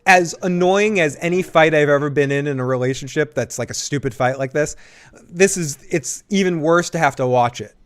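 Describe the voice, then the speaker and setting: A man with a Boston accent co-hosting a casual live watch-along chat, rambling through asides with quick laughs. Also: fairly high pitch, clean tone. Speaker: co-host.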